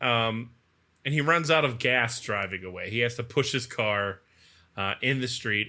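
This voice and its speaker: A man co-hosting a podcast, casually retelling a movie's plot and acting out its lines in quick mock voices. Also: medium pitch, sharp tone. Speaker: podcast co-host. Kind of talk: casual movie recap chat.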